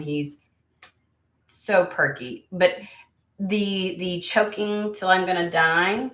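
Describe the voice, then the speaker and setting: A woman's voice: on the low side, a bit bright, echoey room. A middle-aged woman hosting a casual livestream, chatting bluntly with viewers by name while still recovering from an illness that shows in her voice. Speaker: tarot channel host.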